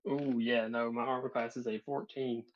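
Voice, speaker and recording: A man's voice: medium pitch, little pitch movement, moderate pace. An eager, playful man taking his turn in a tabletop game. His voice sits mid-range, and it comes through a muffled, lo-fi line. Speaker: player.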